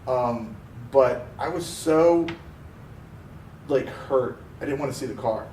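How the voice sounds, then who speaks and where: A man from Pennsylvania, co-hosting a car podcast, telling a story in a casual, animated way and acting out the voices he quotes. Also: medium pitch, slow pace. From Pennsylvania, USA. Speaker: podcast co-host. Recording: roomy, distant mic with faint noise.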